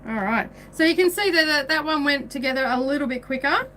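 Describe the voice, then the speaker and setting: A woman hosting a casual craft tutorial from her home sewing room, chatty and quick to laugh. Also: sits high, lively intonation, sharp tone, a little hiss or hum. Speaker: craft livestream host.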